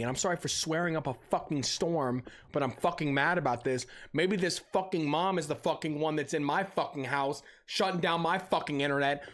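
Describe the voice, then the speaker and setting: A young adult man streaming a game, ranting with heavy swearing and telling stories in a casual way. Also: fairly high pitch. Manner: profane ranting with animated storytelling. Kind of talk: casual live-stream chat.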